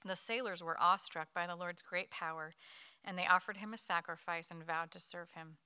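Woman leading bible study, reads fast n lively, dry close sound. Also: lowish voice, clear, resonant tone, no room sound. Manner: quick, lively reading with light laughs. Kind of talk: reading scripture aloud to a group.

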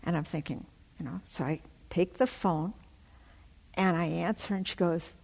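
A woman giving an emotional personal testimony, telling her story haltingly with many fillers. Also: fairly low pitch, gravelly, a little mellow, breathy edge, big-room sound.

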